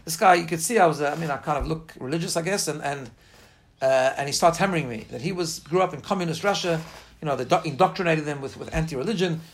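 A man's voice: a little high, fast. A man giving an informal class on faith, speaking earnestly and emphatically and weaving in personal stories. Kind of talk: informal spoken class lecture with personal anecdotes.

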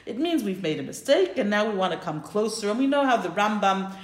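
A woman teaching a prayer lesson, telling a story with enthusiasm and correcting herself as she thinks aloud. Her voice sits at an ordinary middle pitch. The room is roomy and echoing. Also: very animated, a little fast. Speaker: religious teacher. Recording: roomy echo.

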